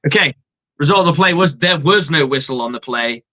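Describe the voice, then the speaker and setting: A man co-hosting a live sports reaction stream, with a crisp, forceful, bright tone. He gets heated and swears freely. He acts out back-and-forth referee exchanges in his own voice. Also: fairly high pitch, lively intonation, a little fast, rough recording. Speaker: co-host. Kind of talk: casual sports reaction chat.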